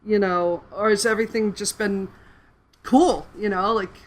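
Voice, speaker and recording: A woman's voice: mid-range voice, steady tone, measured pace. A woman hosting a show, asking questions in casual chat, with lots of fillers and laughs. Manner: chatty, laughs often, filler-heavy. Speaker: radio show host.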